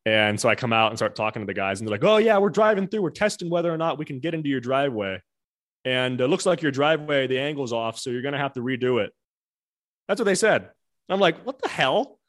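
A man's voice: mid-range voice, expressive, quick pace, fairly bright tone, dry recording. Rambling man in casual chat. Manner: rambling, many restarts and "you know"s. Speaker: podcast guest.

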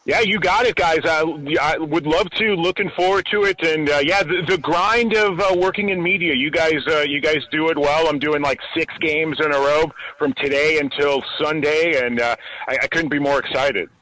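A man who works as a college basketball radio announcer, with a smooth, polished voice and an upbeat manner, speaking as a guest. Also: on the high side, fairly even intonation, moderate pace, bright, forceful tone, no echo, poor audio. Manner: upbeat, polished broadcaster delivery. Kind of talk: casual call-in chat.

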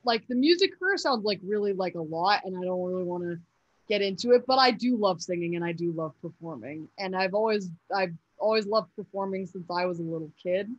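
A young woman answers interview questions casually but hesitantly, with many fillers and restarts. Her medium-pitched voice is lively in intonation and a little fast, and the recording is dull and dry with no room sound.

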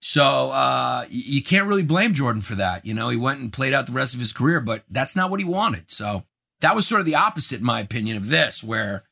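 An American man hosting a sports talk show, ranting in a brash, mock-outraged way, dropping to low mutters and then building to loud, emphatic outbursts. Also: sing-song, a little fast, creaky. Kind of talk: opinionated sports rant.

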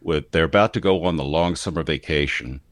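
A man with a standard American accent, explaining his views in a casual discussion in a measured way. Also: a bass voice, no echo, clean studio sound. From United States. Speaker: commentator.

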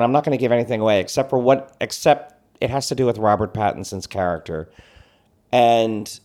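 Opinionated man reviewing films. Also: medium pitch. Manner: opinionated, animated, frequent fillers. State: voice tiring. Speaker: podcast co-host. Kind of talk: casual movie review chat.

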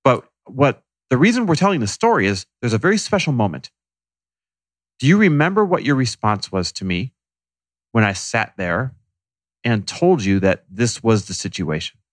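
A man recounts a story in casual chat with his co-host. His voice sits in a mid-range pitch, and he talks in a candid, self-deprecating way. The sound is close and dry. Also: animated, moderate pace, dry recording. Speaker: podcast co-host. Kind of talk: casual conversation.

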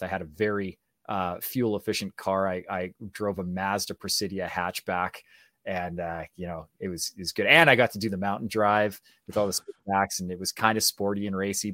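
A man with a Canadian accent tells stories in a fairly low voice, animated and playful. The recording is dry and close, with no room sound. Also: no room sound. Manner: animated, acts out voices in anecdotes. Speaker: guest, actor and speaking coach. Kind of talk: casual storytelling.

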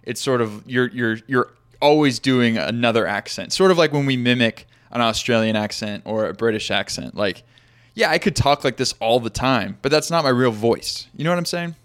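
A man's voice: mid-range voice, expressive, normal speed, hardly any pauses, fairly bright tone, clear, resonant tone. A man hosting a casual podcast chat, rambling with many fillers while asking his guest questions. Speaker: podcast host. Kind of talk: casual conversational interview.

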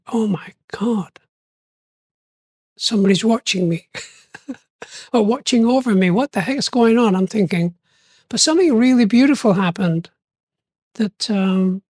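An older man telling stories in an interview, animated and lively, often acting out what people said and laughing along. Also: high-pitched, no echo. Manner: animated, acts out quoted voices, laughs often. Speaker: interview guest. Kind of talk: storytelling interview.

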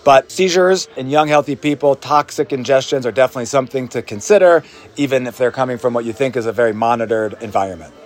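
A man, an emergency physician, casually talking through a recent case in a relaxed, conversational way with hedging fillers. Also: mid-range voice, quick pace.

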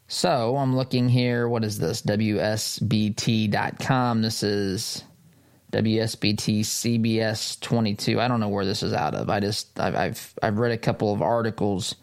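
Sarcastic, animated male commentator. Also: measured pace. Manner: sarcastic, animated, pitch jumps up for emphasis. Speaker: host of a political commentary show. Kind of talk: opinion commentary, reading and reacting to an article.

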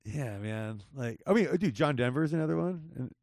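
A man's voice: mid-range voice, expressive, brisk, a little mellow, no room sound, clean studio sound. A man hosting a casual podcast, joking and swearing loosely as he banters with a friend. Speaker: podcast host.

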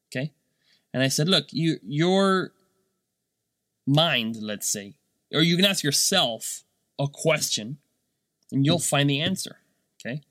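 A business owner and dad in his thirties gives a casual monologue packed with fillers and rhetorical "right?" checks. His slightly high, expressive, a bit bright voice moves slowly with frequent pauses, in clean studio sound with no echo.

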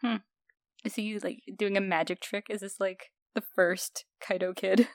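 A woman co-hosting a podcast, tossing off dry, wry comebacks in relaxed chat. The sound is close and dead, with no room around her voice. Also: medium pitch, normal speed, no room sound. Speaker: podcast co-host.

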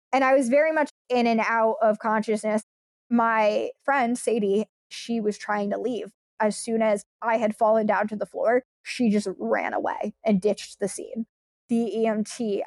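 A woman's voice: fairly high pitch, no room sound, studio quality. A young woman who is a podcast guest, telling a personal story and retelling events through quoted dialogue. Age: young adult. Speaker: podcast guest, victim advocate.

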